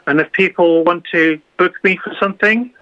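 A woman's voice: on the low side, moderate pace. A woman, a busking musician, speaking hesitantly with many fillers in a radio interview. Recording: dull lo-fi sound with faint music.

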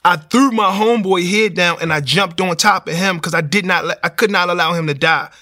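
A man telling his personal testimony in an animated street style, acting out the voices. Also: sits high, a little fast. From Baltimore, USA. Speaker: speaker giving a testimony.

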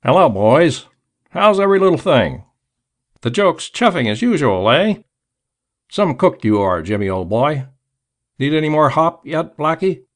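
A man's voice: on the high side, very animated, measured pace, long pauses, voice pushed up. A man voicing a haggard, cringing opium-joint keeper who talks in a hesitant, wheedling way. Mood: fawning.

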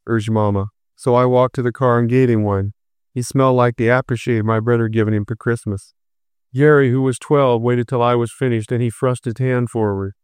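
A man reading a first-person story aloud in a steady, reflective narration. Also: mid-range voice, moderate pace, clean tone, no room sound, studio quality. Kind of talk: scripted narration.

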